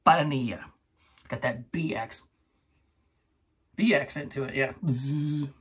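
A man with a husky, slightly breathy voice talks through his shave in a loose, chatty way. He rambles, laughs often, and sounds like he is reviewing products for his own channel. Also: mid-range voice, expressive, a little slow, fairly bright tone. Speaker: shaving channel host. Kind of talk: casual product review vlog.

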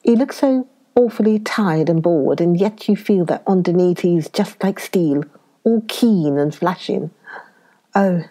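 A woman voicing a lively, impulsive young woman adventurer who is quick to exclaim, in a storybook reading. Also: on the low side. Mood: excited.

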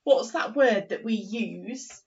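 A woman teacher leads young children through a phonics lesson, sounding out each word slowly and praising them as she goes. Her voice sits a little high. The recording is dull and picked up from some distance away. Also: gravelly, a little mellow. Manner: encouraging, slow and sing-song, sounding out words. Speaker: primary teacher.

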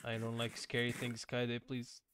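A man's voice: medium pitch, monotone, noisy background. Chatty young male streamer. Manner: chatty, quick shifts between loud and soft. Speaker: VTuber streamer. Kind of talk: casual gaming chat.

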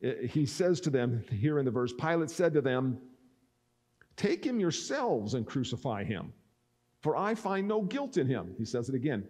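Lively preaching man. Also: medium pitch, moderate pace. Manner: expository preaching that acts out speakers' words. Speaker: pastor. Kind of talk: sermon.

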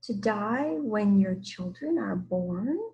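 A woman's voice: mid-range voice, lively intonation, slow pace, creaky, dark tone. A woman reading aloud and voicing a polite, curious young girl in a raised, questioning voice.

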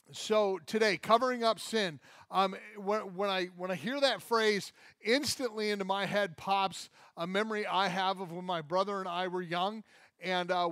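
A man preaching a sermon as pastor, telling a funny story from childhood with lively acted-out quotes. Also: high-pitched, no room sound, studio quality. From Michigan. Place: church.

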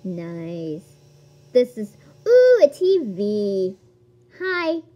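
A woman giving casual gameplay commentary as a video host, excitable and quick to gasp at new things. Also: mid-range voice, lo-fi sound. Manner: excitable, gasps and squeals at discoveries.

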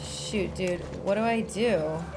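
Woman streamer yelling reactions over loud game music, unhurried delivery. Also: lowish voice. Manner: panicky, exclamatory, talks to viewers. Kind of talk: live gameplay reactions. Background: game music and sounds.

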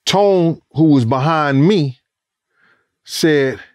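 With a voice on the high side and words stretched out, a middle-aged man who once worked as a bodyguard shares a story in a casual interview. He gets animated and curses, voicing other characters and making gunshot noises. The studio-quality sound carries no echo.

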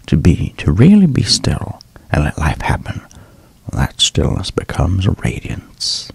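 A man doing a gravelly Southern old sage, whispered role-play. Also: darkish tone, dry recording, exaggerated voice. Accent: American Southern drawl. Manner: slow, low-chested. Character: deep gravelly older man, calm and wise.

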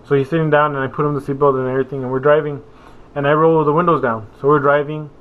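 A man's voice: on the high side, little pitch movement, fast. A young man vlogging in a casual, meandering way, full of fillers and self-corrections. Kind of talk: rambling casual vlog. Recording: phone-like narrow sound.

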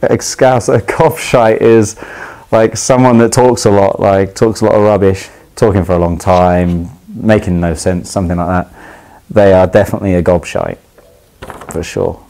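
A young man from London talks in a low, mellow voice with a clear London accent. He explains slang in a loose, chatty way, stumbling over restarts and fillers and laughing easily as he goes. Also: fairly even intonation, moderate pace, low-quality recording. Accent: London English. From England. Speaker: footballer. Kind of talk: casual explanation of slang to camera.

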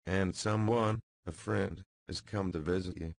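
Man reading a grave older magistrate for an audiobook: formal, measured, deep, dry. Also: fairly even intonation, gravelly, no echo. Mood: gentle. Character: kindly older male magistrate, gentle but grave.

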